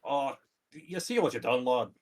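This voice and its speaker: A man, playing a blunt, gruff adventurer who curses and scolds his companions in a tabletop game. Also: medium pitch, animated, moderate pace, darkish tone, close to an everyday voice. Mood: scolding. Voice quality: blunt, cursing.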